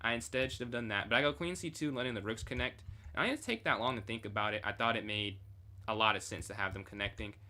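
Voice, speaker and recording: Young man, chess streamer, bright voice, casual think-aloud game review, keyboard typing behind. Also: lowish voice, fast. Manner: thinks aloud, chatty, reads chat.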